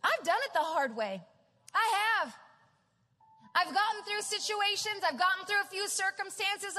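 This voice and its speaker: Middle-aged woman pastor, high voice, conversational storytelling sermon in a reverberant hall. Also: animated, moderate pace, bright, forceful tone. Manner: storytelling, chatty asides, rising to emphatic. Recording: large hall with reverb, faint music.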